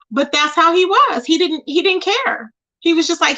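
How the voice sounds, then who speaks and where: Woman livestreaming, high voice, aave, gossipy and chatty with her chat. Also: lively intonation, fast, bright, forceful tone. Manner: chatty, talks to viewers directly. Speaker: livestream host.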